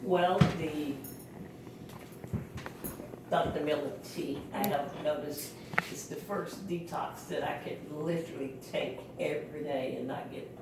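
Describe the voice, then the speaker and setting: A woman's voice: deep voice, fairly even intonation, unhurried. A woman guest at a home meeting giving a hesitant, matter-of-fact product testimony. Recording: echoey room, far from mic, loud noise.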